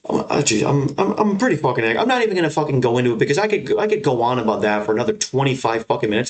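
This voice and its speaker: A man's voice: medium pitch, big pitch swings, racing, few pauses. A young man hosting his own fight recap show, talking bluntly and swearing as he rants. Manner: blunt, profane, heated ranting. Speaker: MMA show host. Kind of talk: solo fight recap rant.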